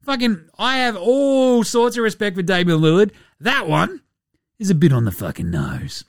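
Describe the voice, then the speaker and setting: A man's voice: sits high, sing-song, moderate pace, dry recording. An Australian man hosting a podcast, giving casual, sweary, mocking banter. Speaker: podcast host. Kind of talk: casual sports commentary.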